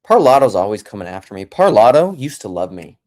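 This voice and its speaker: A man's voice: on the low side, sing-song, brisk, a little mellow. Rambling, joking male live streamer. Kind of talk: casual livestream monologue. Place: home.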